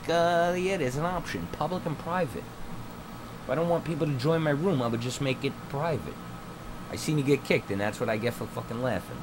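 A young man streams a game from home, ranting through profane gameplay commentary in crude, mocking slang. His voice sits at medium pitch and moves at a moderate pace. A noise-cancelling headset mic picks him up over steady background noise.

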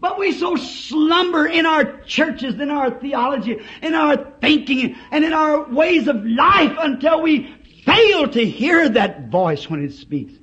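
Impassioned high-voiced revival preacher, lo-fi tape. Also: male voice, animated, slow pace. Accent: Southern United States. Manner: impassioned, swings from shouting to hushed. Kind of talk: old-time revival sermon. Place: church service. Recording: dull lo-fi sermon tape.

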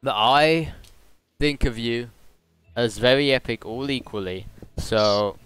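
A man's voice: mid-range voice, slow, a bit bright, smooth, no echo. A young British man streaming a game, chatting in a rambling, jokey way full of fillers. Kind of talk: casual gaming stream chat.

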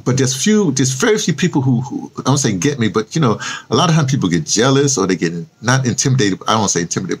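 A man's voice: medium pitch, slightly rough. A man with a New York accent talking casually and rambling to camera in a vlog, thinking aloud as he types a post. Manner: chatty, self-talk while typing a post, spells words aloud. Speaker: vlogger.

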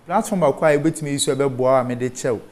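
A man's voice: medium pitch, fast, darkish tone. A man with a Ghanaian accent, a guest on a studio interview, explaining online safety step by step and spelling terms out letter by letter. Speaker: cybersecurity guest.

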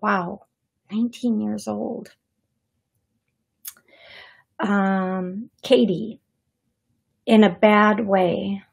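A woman hosting a live call-in radio show as a psychic medium, chatty and quick to laugh when nervous. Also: medium pitch, fairly even intonation, vocal fry, slightly rough.

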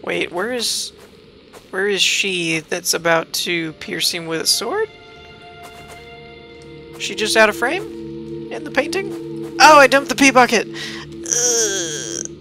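A chatty let's-play host talking through a fantasy game, reading item text aloud and reacting with quick exclamations. Mid-range voice, with game music clearly behind. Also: medium pitch, big pitch swings, bright, forceful tone. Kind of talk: casual gameplay commentary.

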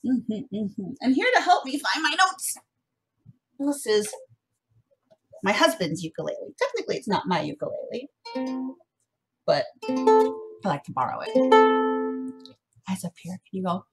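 This young adult woman teaches a music class to first graders over a remote connection from home. Her tone is bright, sing-song, encouraging, and a little husky, set at a medium pitch. She's very animated, talks at a normal speed, and pauses often.

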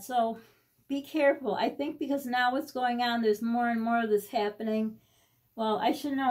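A middle-aged woman from the United States speaks casually in a personal vlog. Her voice sits high, and her talk is rambling and anxious, with many restarts. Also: darkish tone. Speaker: vlogger.

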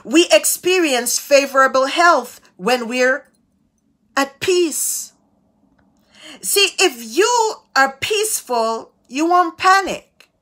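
A woman preaching a devotional sermon, tossing out call-and-response asides with sudden swings of pitch and loudness. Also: animated. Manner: slow, drawn-out delivery.

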